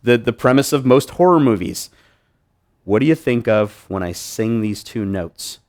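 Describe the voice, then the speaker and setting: A man's voice: mid-range voice, moderate pace. A man presenting a hypnosis demonstration to a live audience, joking with volunteers and restarting his sentences often. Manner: joking, animated, many restarts. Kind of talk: live stage demonstration talk. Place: meeting room with audience.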